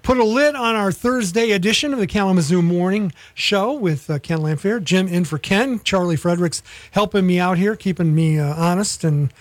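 Casting: middle-aged male radio host, high voice, rambling nostalgic chat, dry close mic. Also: normal speed, few pauses, dry recording. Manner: rambling, nostalgic, chatty with restarts. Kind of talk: casual local radio chat.

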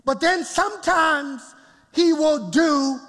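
A male pastor preaching a lively sermon in a church, often chuckling and calling out to the congregation. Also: very high-pitched, slow. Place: church sanctuary. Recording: long church reverb.

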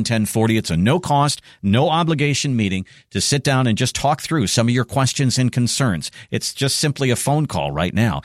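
A man's voice: mid-range voice, dry recording, clean studio sound. Persuasive male radio host. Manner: persuasive, repeats phone numbers. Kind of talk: financial radio talk and ad reads.

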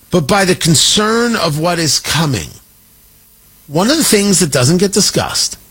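A man's voice: fairly high pitch, fairly bright tone, breathy edge. A man hosting a political talk radio show, delivering a sarcastic, riffing monologue and slipping into mock voices. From Midwest.

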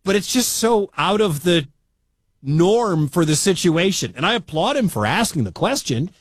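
A man from the American Midwest hosting a sports talk radio show, talking in an animated, incredulous way with quick asides. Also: sits high, husky, no echo. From Midwestern United States.

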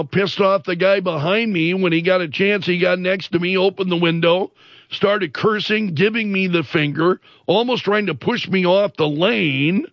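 A man hosting a casual news commentary, retelling stories in an animated, incredulous way with many fillers and restarts. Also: high voice, dry recording, highs cut off. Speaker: commentary show host.

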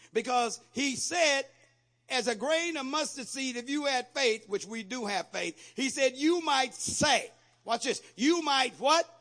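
A male pastor preaching a sermon with call-and-response, building from steady teaching to shouted exhortation. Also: high-pitched, creaky.

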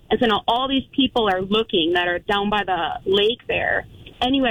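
A woman calling into a radio show tells a personal story in an animated way, acting out the voices of people around her. Her voice sits at a middle pitch. The sound is dry, with no room echo. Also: brisk, highs cut off. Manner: animated storyteller, quotes herself and others. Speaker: caller.

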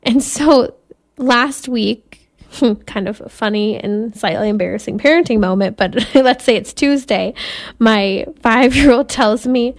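Earnest Catholic mom, slightly high voice. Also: female voice. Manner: earnest, slows for emphasis, laughs while telling stories. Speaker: Catholic podcast host and mother. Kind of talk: reflective faith talk with personal stories.

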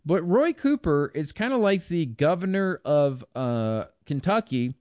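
A man's voice: a little high, animated, unhurried, a little mellow, dry recording, studio quality. A man giving a blunt, scornful, rambling political commentary monologue.

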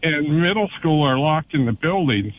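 A man's voice: expressive, moderate pace. A man calling in to a radio show, pressing skeptical questions. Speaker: caller. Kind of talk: call-in radio talk. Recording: phone line with faint rumble.

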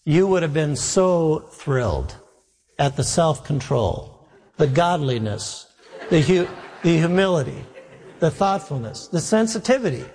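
Man, pastor, humorous sermon anecdote, higher-pitched, echoing hall. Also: unhurried. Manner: humorous, animated anecdote with acted-out dialogue. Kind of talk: sermon storytelling. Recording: long reverb of a large hall.

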